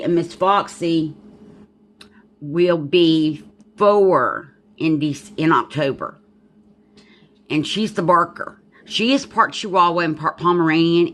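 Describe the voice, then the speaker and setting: Woman, Southern accent, casual crafting chat, very lively pitch, faint background noise. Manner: chatty, thinks aloud, rambling asides. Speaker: crafter demonstrating a journal.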